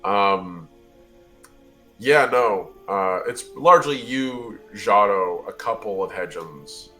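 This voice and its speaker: A man's voice: fairly low pitch, takes it slowly, pushed and bright, soft background music. A man narrating as game master of a tabletop game, describing the scene in a rambling, casual way with many fillers.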